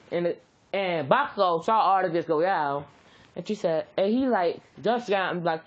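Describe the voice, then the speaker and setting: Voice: medium pitch, moderate pace, dull audio. A storyteller improvising a fan-fiction story in a rambling, casual way, repeating words and using slang.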